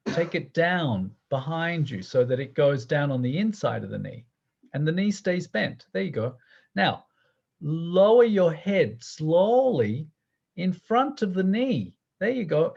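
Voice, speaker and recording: A man teaching a guided movement class, giving gentle, playful instructions and often laughing. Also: a little high, lo-fi sound.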